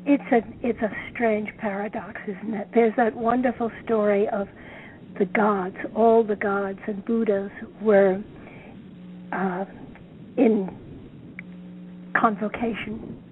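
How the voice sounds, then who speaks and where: Slow, musing woman on a phone line. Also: mid-range voice. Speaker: author guest. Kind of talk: reflective interview talk. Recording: tinny phone line, faint noise.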